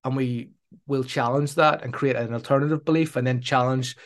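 A man who works as a sport psychology trainer and therapist, explaining his methods in a calm, deliberate way and reflecting the other person's words back to him. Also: medium pitch. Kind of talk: measured explanatory interview talk.

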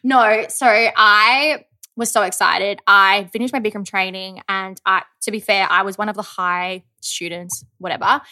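A woman's voice: medium pitch, fairly even intonation, measured pace, pushed and bright. A young woman co-hosting a podcast, telling a story in chatty, casual talk with some swearing. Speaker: podcast co-host. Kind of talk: casual chat.

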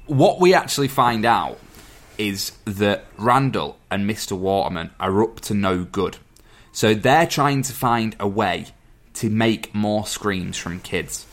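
A man in casual chat, recapping a film plot at length and stumbling over some words. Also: fairly low pitch. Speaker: podcast co-host.

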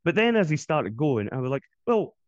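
A man's voice: a little high, sing-song, quick pace, dry recording. Guy rambling on a podcast, dry muffled lo-fi audio. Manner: chatty, rambling with restarts. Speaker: podcast co-host. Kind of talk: casual chat.

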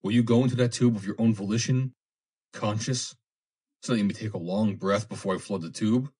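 A grim, stern man who gives hard orders in a quiet voice, as a male narrator voices him. The voice sits deep and low, with a husky, breathy edge. It comes from a storybook reading. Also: fairly quick. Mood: stern, scornful. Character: grim, stern young man commanding in a crisis.

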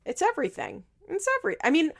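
Chatty young woman podcaster, lively pitch. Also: fast, vocal fry. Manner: chatty, gossipy, swearing, frequent laughs. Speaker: podcast host. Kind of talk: casual recap of a reality show.

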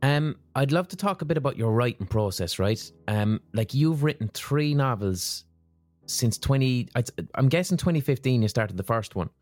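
A man's voice: mid-range voice, expressive, moderate pace, a little mellow, dry recording, faint music behind. A man hosting a podcast interview, engaged and asking probing questions. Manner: engaged, asks probing questions, agrees often. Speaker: podcast host. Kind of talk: casual interview chat.

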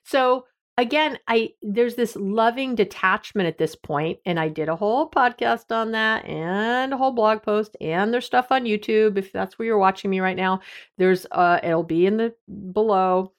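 A woman's voice: mid-range voice, moderate pace. A middle-aged woman, a therapist hosting an advice podcast, talking candidly in a conversational, self-deprecating way.

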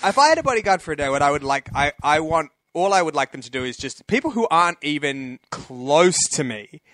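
A man's voice: a little high, brisk, dry recording, studio quality. A man, co-hosting a casual comedy chat and telling stories with a lot of laughter. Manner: animated storytelling, laughing often. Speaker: podcast co-host.

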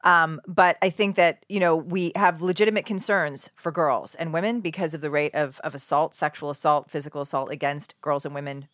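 A woman co-hosting a casual parenting podcast, speaking in a measured, thoughtful way. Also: low-pitched, fairly even intonation, fairly bright tone, dry recording, studio quality. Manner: measured, thoughtful, laughs easily. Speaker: podcast co-host.

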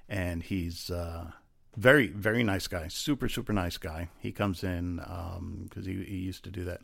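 A man's voice: deep voice, fairly even intonation, a little slow, gravelly, fairly bright tone. A man, a former police officer, telling a rambling story in a laid-back way, acting out what people said. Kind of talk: casual storytelling chat.

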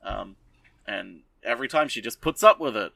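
A man's voice: lowish voice, expressive, moderate pace, creaky, pushed and bright, dry recording, distant mic. Brief: male podcast host, casual, sarcastic, rambling recap. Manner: rambling, sarcastic, lots of fillers.

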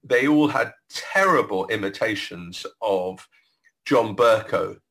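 British guy rambling through stories on a podcast, low voice, bright edge, dry jokes. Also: animated, takes it slowly, rough recording. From Britain. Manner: anecdotal, digressive, wry asides. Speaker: political commentator guest. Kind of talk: podcast discussion.

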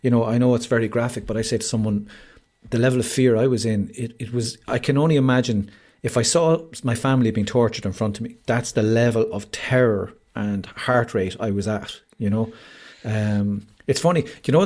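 A man's voice: medium pitch, a little mellow. Earnest Irish man on a video call. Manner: earnest, open storytelling with frequent "like" and "you know". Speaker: podcast guest. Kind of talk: candid conversational interview.

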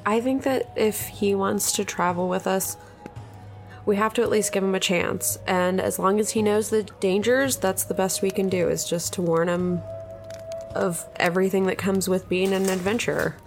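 A woman playing a tabletop role-playing game, talking in a gentle, reassuring way. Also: medium pitch, steady tone, moderate pace, soft background music. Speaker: player.

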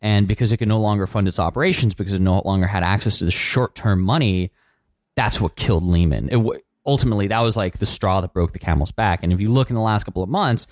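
Man, lowish voice, methodical finance explainer, dry close sound. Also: quick pace, no echo. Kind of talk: casual explanatory chat.

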